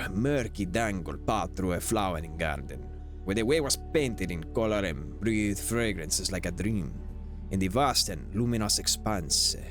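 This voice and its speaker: A man putting on a hushed mock-Italian cook. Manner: low, hushed, theatrical reading. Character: Italian-accented male cook narrating the game.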